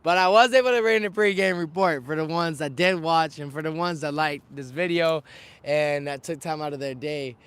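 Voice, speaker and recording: A man's voice: a little high, normal speed, smooth. A young man recovering from a slightly scratchy voice, talking energetically through a live sports recap outdoors on a windy day, speaking to a camera on a stand. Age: young adult. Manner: energetic, chatty, lists stats. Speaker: sports vlogger. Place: outdoors outside a stadium, windy.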